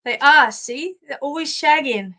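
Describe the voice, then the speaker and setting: A chatty Australian woman hosting a relaxed live show. She talks slowly with a slightly high voice and giggles easily as she answers viewers. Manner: chatty and giggly, reads out comments. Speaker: host of a live chat show. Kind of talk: casual live chat.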